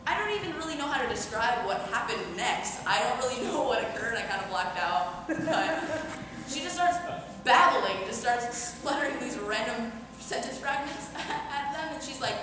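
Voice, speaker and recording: A woman comic rambles through a story, leaning on "like" over and over, her voice sitting a little high. With no mic she is heard from far back in a hall with a long, ringing echo, and a noisy room hums behind her. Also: lively intonation, normal speed. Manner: rambling anecdotal storytelling, full of "like". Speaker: stand-up comedian. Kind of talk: stand-up comedy set. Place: performance hall with an audience. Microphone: no microphone, projecting her voice.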